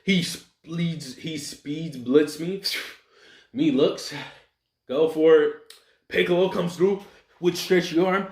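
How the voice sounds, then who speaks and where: A man's voice: a little high, slow pace, pauses often, a little mellow. A young man telling an imagined fan story in a rambling, slangy way, laughing and making sound effects as he goes. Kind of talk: casual animated retelling with voiced quotes. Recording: roomy echoey home recording.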